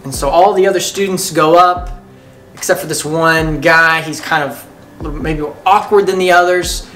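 A man's voice: fairly high pitch, steady tone, moderate pace, a bit bright, soft background music. A man giving a short devotional talk, telling a story in a conversational, earnest way. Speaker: devotional speaker.

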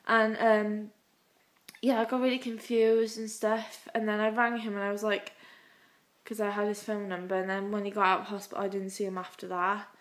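A woman's voice: mid-range voice, little pitch movement, normal speed, rough recording. Emotional British woman vlogging. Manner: rambling, heartfelt, emotional. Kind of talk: confessional vlog chat.

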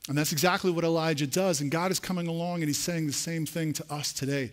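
A man's voice: fairly even intonation, fairly quick, hardly any pauses. A man preaching a sermon in church, speaking earnestly and directly to his congregation. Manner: rising to an emphatic pitch near the end. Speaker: pastor.

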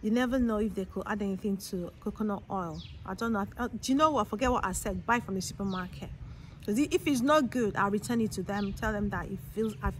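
A woman chatting casually to camera, giving shopping tips with many pauses, ums and restarts. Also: medium pitch, slight background noise.

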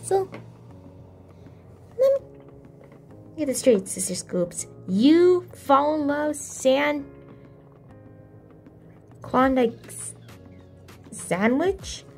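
Young woman, toy role-play, high voice, slow bouncy delivery, soft music behind. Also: lively intonation. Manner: plays every figure herself with shifting pitch. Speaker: toy play video maker.

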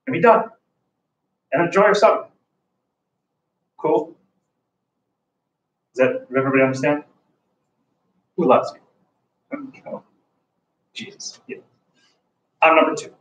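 An enthusiastic male history teacher with a fairly high, expressive voice leads his class through a casual lesson, joking loosely and using plenty of fillers. He speaks at a measured pace, pauses often, and sounds far from the mic in a noticeably echoey room with a little hiss or hum.

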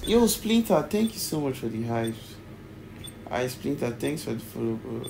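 Male streamer, animated delivery, gravelly edge, cusses freely. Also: mid-range voice, normal speed, noisy background. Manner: frustrated, swearing, animated. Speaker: game streamer. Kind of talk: live-stream commentary.

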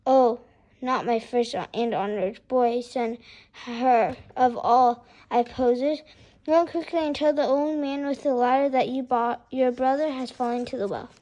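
An impatient mother scolds her child, as a woman reading aloud puts her on. Her high voice stays firm and sharp-tongued, as if in a storybook. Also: steady tone, a little slow, lo-fi sound. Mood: stern.

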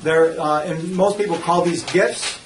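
High-voiced man teaching a Bible class. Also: measured pace. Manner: animated, acts out quotes, frequent restarts. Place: church meeting room. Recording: echoey room, distant mic, faint noise.

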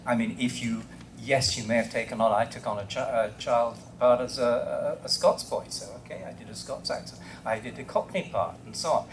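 A man's voice: medium pitch, brisk, hardly any pauses, slight background noise. A man in his sixties with a posh English accent, earnestly explaining things on a convention panel. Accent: English, received pronunciation.

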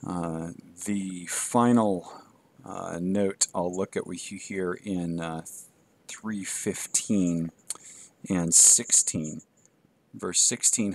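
A man teaching a Greek course in a recorded lecture, measured and halting with fillers, reading Greek aloud and then translating it. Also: lowish voice. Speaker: Greek instructor.

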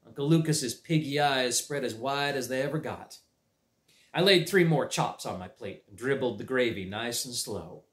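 Man reading a storybook aloud, lively. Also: mid-range voice, normal speed. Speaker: library read-aloud reader. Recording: roomy echo.

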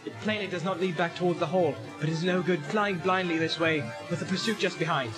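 Man playing brave ranger leader, high strained voice, hurried orders, music behind. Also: fairly even intonation, close to an everyday voice. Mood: urgent. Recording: loud music under the voice.

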